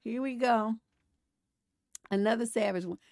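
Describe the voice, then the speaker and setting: A woman hosting a live stream, reading memes and commenting in a sassy, animated way, laughing often and mimicking grumpy voices. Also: on the high side, measured pace, creaky, no room sound, studio quality. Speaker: relationship coach and show host.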